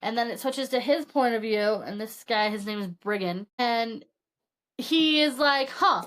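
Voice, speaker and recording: A woman's voice: fairly high pitch, measured pace. A woman co-hosting a podcast, chatting casually about a book and acting out the characters as she retells it. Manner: animated storytelling, acts out characters with swearing. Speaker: podcast co-host.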